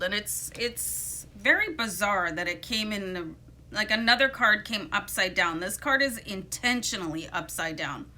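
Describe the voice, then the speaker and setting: A woman's voice: medium pitch, sharp tone. A woman giving a casual, chatty tarot reading, informal and playful, with frequent fillers and asides. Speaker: tarot reader.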